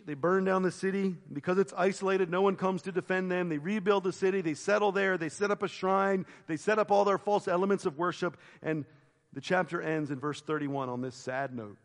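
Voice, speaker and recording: Man preaching in a reverberant hall. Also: high-pitched. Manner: expressive storytelling, voices quoted characters, drops to hushed reflective tones. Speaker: pastor. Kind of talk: sermon. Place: church sanctuary.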